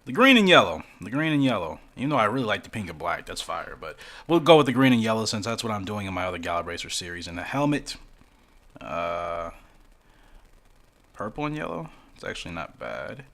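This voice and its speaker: A man's voice: low voice, expressive, fairly quick, gravelly, fairly bright tone. A man casually commenting as he plays a mobile game for his channel, rambling along with self-deprecating asides. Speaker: gaming YouTuber.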